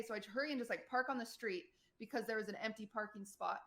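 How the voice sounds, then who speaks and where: A young woman streamer telling a personal story to her chat in a casual, animated way, full of fillers and quoted voices. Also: a little high, fast, few pauses. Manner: animated retelling, quotes people, many "like" fillers.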